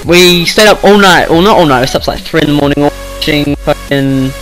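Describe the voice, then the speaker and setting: Teen boy, bright, slightly high voice, rambling and swearing, faint music underneath. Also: moderate pace, rough recording. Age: teens. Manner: rambling, swears freely, lots of "like". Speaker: vlogger. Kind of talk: casual storytime rant.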